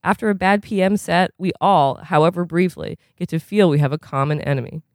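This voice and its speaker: A reader voicing a brooding, philosophical teenage boy at a tennis academy, in a musing, drawn-out way. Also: mid-range voice, no echo, clean studio sound, close to an everyday voice.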